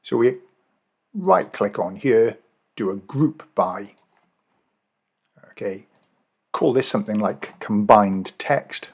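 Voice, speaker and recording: An Australian Excel and Power BI trainer has a lowish, breathy-edged voice, speaking slowly and pausing often. In a casual screen-recorded tutorial, he walks viewers through a spreadsheet task, thinking aloud with fillers and self-corrections.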